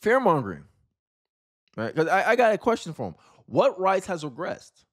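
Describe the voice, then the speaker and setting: A man delivers political commentary in a blunt, opinionated way. He hammers home his points and keeps asking rhetorical questions. His voice sits a little higher than most men's. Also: very animated, moderate pace.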